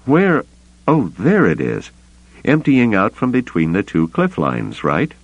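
Man doing a polite young male pilot, lifted pitch, questioning tone, muffled audiobook recording. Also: wildly swooping pitch, unhurried, gravelly, dry recording, exaggerated voice. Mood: curious. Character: young human man, earnest hero pilot.

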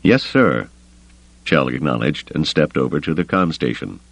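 A man narrating a science fiction novel in an expressive, dramatic reading style. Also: extremely low pitch, brisk, vocal fry, no echo, low-quality recording. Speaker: audiobook narrator. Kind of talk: scripted narration.

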